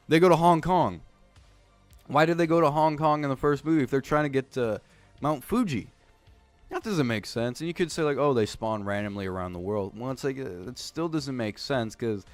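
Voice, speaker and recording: Casual male movie reviewer, mid-pitched voice, swearing and rambling in frustration over faint music. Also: no room sound. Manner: profane, exasperated, rambling with many fillers and restarts.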